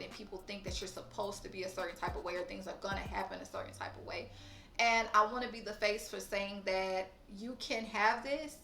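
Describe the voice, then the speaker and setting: A woman's voice: mid-range voice, pushed and bright, reverberant. A woman talking frankly and emotionally in a personal vlog, swearing casually. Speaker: vlogger. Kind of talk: candid personal vlog talk.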